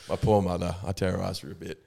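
Laughing man, lowish voice. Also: vocal fry, warm tone. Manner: laughs often while telling stories. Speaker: podcast co-host. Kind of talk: casual chat.

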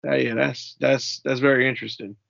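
A man co-hosting a casual podcast chat, laid-back and teasing, halting with fillers. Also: mid-range voice, little pitch movement, creaky, a bit bright, no room sound, highs cut off. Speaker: podcast co-host.

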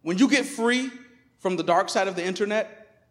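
A man preaching a sermon as pastor in a church, emphatic, swinging between loud declarations and quiet asides. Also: high-pitched, normal speed, long reverb tail. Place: church sanctuary.

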